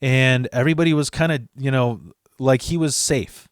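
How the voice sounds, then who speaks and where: A man's voice: mid-range voice, fairly even intonation, normal speed, smooth, no room sound. Brief: man, mid-range voice, loose and foul-mouthed storyteller, dry close sound. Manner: rambling and profane, with restarts and asides. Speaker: storyteller host of his channel. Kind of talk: casual storytelling.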